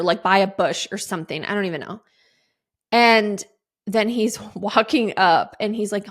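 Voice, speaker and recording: A woman's voice: mid-range voice, unhurried. A woman in her thirties or forties hosting a podcast, telling stories casually with lots of fillers and acting out what others said. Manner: chatty, lots of fillers and laughs, voices others' lines. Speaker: podcast host. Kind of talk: casual storytelling monologue.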